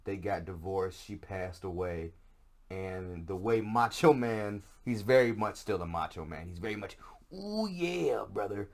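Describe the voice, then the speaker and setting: A man hosts a casual podcast on his own, rambling through sarcastic, profane complaints. His voice sits very low. The delivery is loose and conversational. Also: a little slow, a little mellow. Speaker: podcast host. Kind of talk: casual solo podcast rant.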